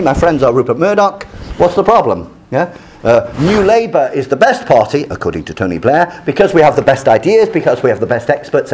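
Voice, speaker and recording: A man giving a university lecture on politics, animated and full of restarts, slipping into short French asides. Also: medium pitch. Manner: animated, acts out quoted voices, many restarts.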